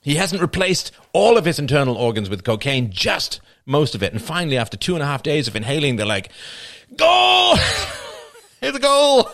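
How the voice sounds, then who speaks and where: A man's voice: medium pitch, quick pace, few pauses. A man hosting a live stream, riffing through a casual comedic monologue and laughing at his own jokes. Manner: animated, joking, often laughing at own jokes.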